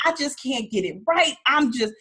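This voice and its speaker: A woman with a husky, slightly breathy voice speaks candidly as an interview guest. She tells her personal story in a heartfelt, unpolished way, often restarting sentences as she goes. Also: sits high, animated, normal speed, bright, forceful tone. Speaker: attorney and entrepreneur, guest. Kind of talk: emotional personal storytelling in a conversation.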